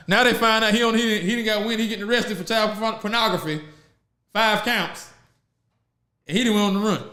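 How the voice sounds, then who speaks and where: A man with a high voice chats on a podcast, spinning animated stories and laughing between lines. The room around him is echoey. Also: moderate pace, long pauses. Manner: animated storyteller, laughs often, Southern slang. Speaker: podcast host. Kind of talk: casual podcast chat.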